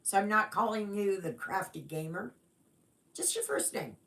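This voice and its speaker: Reading viewers' comments aloud as greetings, a woman from Canada chats unhurriedly on her casual stitching livestream, rambling with fillers. Her voice is mid-range, animated, and a bit bright.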